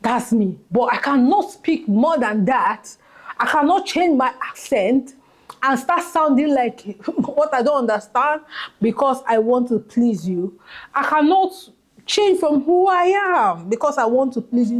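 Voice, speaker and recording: A woman's voice: fairly high pitch, darkish tone, husky. A woman with a Nigerian accent giving advice in a casual vlog, emphatic and repeating key phrases for stress. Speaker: vlogger.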